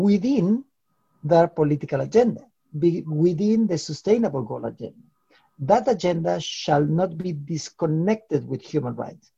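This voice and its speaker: A man answers interview questions at length in a formal, lecturing manner and sometimes poses rhetorical questions. His voice is dark and mellow with a gravelly, husky edge. The recording sounds dull and lo-fi. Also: fairly high pitch. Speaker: human rights expert interviewee.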